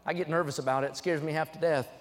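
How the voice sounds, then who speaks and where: Fervent young preacher in a reverberant church. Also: male voice, on the high side, steady tone, racing. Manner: emphatic, climbing to loud fervent peaks; reads scripture aloud between points. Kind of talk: sermon. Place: church sanctuary.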